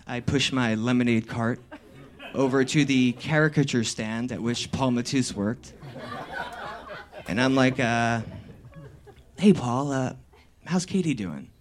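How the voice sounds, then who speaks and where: A young man telling a comic personal story on stage, animated and swearing, laughing and breaking into shouts. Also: mid-range voice. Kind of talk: live comedic storytelling.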